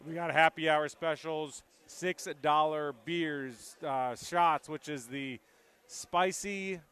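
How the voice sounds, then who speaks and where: Man hosting sports radio live from a pub, upbeat and chatty, slightly high, smooth voice. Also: steady tone, slow pace, a bit bright. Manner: upbeat, talkative, plugs the bar between sports talk. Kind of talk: casual sports radio chat. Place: busy pub, remote broadcast.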